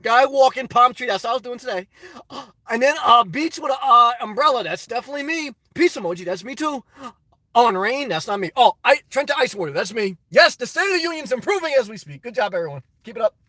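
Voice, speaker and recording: High-voiced guy livestreaming from his car on his phone, playful mock speech, dead dry sound. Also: lively intonation, brisk, bright, forceful tone, no echo. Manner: playful, mock-solemn, laughs often. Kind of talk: joking mock presidential address. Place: inside a parked car.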